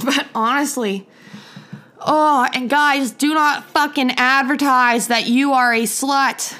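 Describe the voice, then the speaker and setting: A woman's voice: high voice, fairly even intonation, takes it slowly, bright, forceful tone. A young woman hosting her own podcast, ranting bluntly and heatedly, swearing in nearly every sentence. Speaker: podcast host. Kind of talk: profane solo podcast rant.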